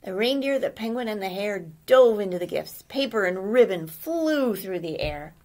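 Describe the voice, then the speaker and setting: A woman reading a children's story aloud gently, pausing to ask the listener questions. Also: mid-range voice, expressive.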